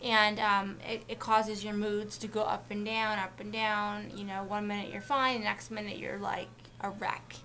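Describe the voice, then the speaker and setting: A woman's voice: mid-range voice, little pitch movement, moderate pace, hardly any pauses, pushed and bright, a little hiss or hum. A young woman talking casually to camera on a shared vlog channel, rambling with many fillers and restarts. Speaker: vlogger on a collab channel.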